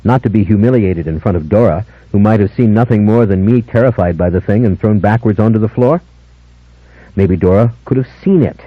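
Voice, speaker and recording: A man narrating an unabridged audiobook in a measured, dramatic first-person style. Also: lowish voice, no room sound. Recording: dull lo-fi older audiobook, dry.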